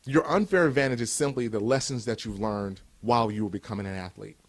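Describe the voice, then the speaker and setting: A man's voice: fairly low pitch, fast. A man in his fifties from Cleveland, giving a motivational speech with emphatic, repeated rhetorical build-ups. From Cleveland, USA. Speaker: motivational speaker.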